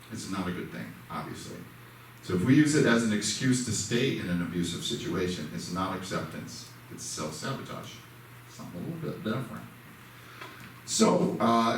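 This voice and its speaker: A man giving a casual, conversational lesson at a church, telling personal stories. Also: on the low side. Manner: conversational, self-deprecating, acts out quoted dialogue. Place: church sanctuary. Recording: echoey hall, mic far off, faint noise.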